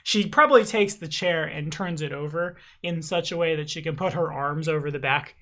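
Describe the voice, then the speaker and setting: A tabletop game master with a bright, crisp voice narrates and rules on dice rolls. The delivery is relaxed and low-key. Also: moderate pace, few pauses.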